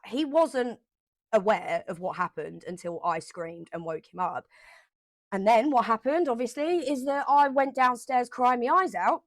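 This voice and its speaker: With a fairly high voice and no room sound, a woman vlogger recounts a personal experience to camera. She's animated and emotional, repeats things to stress them, and swears from time to time.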